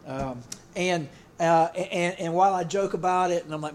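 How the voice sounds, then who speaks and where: Halting pastor, raised voice. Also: male voice, high voice. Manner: rambling, halting, full of fillers and restarts. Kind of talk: casual sermon.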